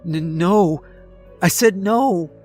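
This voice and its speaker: A man's voice: sits high, very slow, darkish tone, faint music behind, pitched above the performer's own voice, full character voice. A man voicing a frightened teenage girl who stumbles over her words in a horror story reading.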